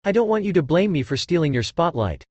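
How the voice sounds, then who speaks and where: A man's voice: on the high side, very animated, fast, a little mellow, no echo. A man voicing a boastful, smug young rich man who talks in a pompous, mocking way, in an audiobook.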